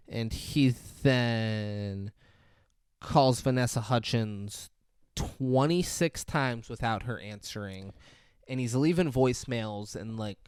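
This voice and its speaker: A man hosting a podcast, recapping a film in casual, animated, profane storytelling. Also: medium pitch, slow, smooth, no echo, studio quality. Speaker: podcast host.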